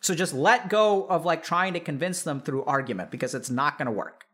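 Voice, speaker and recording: High-voiced man talking casually to his chat. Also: fairly quick. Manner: animated, full of "like" fillers, addresses listeners as y'all. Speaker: psychiatrist. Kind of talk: casual talk to a live chat audience.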